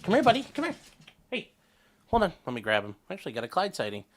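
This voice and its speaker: A man's voice: high voice, wildly swooping pitch, fast, slight background noise. A man hosting a casual livestream from home as a lawyer, rambling and chatty, breaking off to coo at his pets. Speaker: attorney and livestream host.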